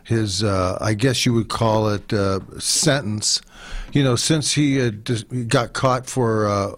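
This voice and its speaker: A man's voice: fairly low pitch, slow. A man co-hosting a sports talk radio show, a former football player speaking bluntly and jokingly, often repeating himself.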